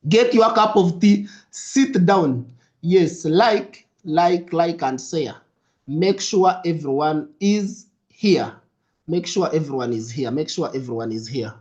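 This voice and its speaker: Guy on a live stream, upbeat and repeaty, kinda high voice, muffled lo-fi sound. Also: takes it slowly. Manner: upbeat, repetitive, drops into soft asides. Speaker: trading mentor hosting a livestream. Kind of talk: live-stream chat, greeting viewers. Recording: lo-fi stream audio.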